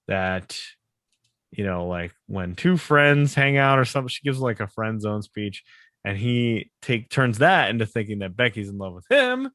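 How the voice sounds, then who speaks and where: A man's voice: medium pitch, a bit bright, dry recording. A man co-hosting a podcast, casually retelling a sitcom plot, often laughing and acting out the characters' lines. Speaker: podcast co-host. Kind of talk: casual chat recapping a sitcom episode. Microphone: podcast microphone.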